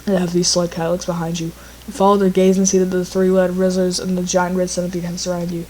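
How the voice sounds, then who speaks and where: A woman's voice: on the low side, completely flat delivery, fast, a little mellow, a little hiss or hum. A woman reading a text adventure aloud in a casual, playful, joking way. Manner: playful, joking narration with restarts.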